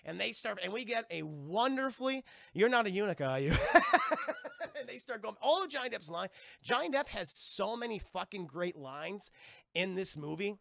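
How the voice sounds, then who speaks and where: A man streaming, casually retelling a film to chat in an animated, profane, rambling manner, in a dry close-mic room. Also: high voice, moderate pace, gravelly.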